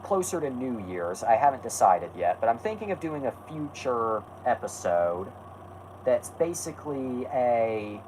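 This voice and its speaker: Guy rambling on his stream, keeps correcting himself, middle pitch, bit of hum behind. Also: big pitch swings, measured pace, darkish tone, low-quality recording. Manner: rambling, self-correcting, answering chat. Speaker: host. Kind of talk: casual livestream chat.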